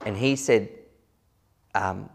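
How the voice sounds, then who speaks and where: A man preaching a sermon in an earnest, conversational way, slowing down to stress key words. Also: lowish voice, vocal fry. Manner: loose and conversational, with small asides.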